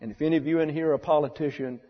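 A man's voice: a little high, steady tone, very fast. Blunt, wry preacher man in a church. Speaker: pastor. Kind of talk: sermon. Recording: dull echoey church recording.

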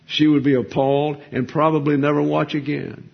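A man delivering a sermon in a plain, folksy teaching style, often putting questions to his listeners and answering them himself. His voice is slightly husky and sits at a middle pitch. The recording sounds dull and lo-fi. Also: fairly even intonation, a little fast, hardly any pauses. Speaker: preacher.

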